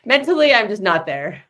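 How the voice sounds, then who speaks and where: A woman's voice: fairly high pitch, big pitch swings, a little slow, fairly bright tone. A woman co-hosting a casual streamed football chat, ranting in a frustrated, rambling way. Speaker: co-host.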